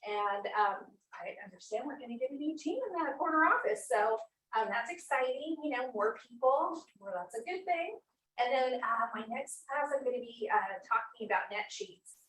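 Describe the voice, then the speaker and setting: A woman chatting warmly and explaining office procedures to colleagues at a team meeting. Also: on the high side, slight background noise. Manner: chatty, friendly, repeats points to explain. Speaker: office staff giving a team announcement. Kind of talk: workplace meeting talk. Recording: echoey room, far from mic, faint ambience.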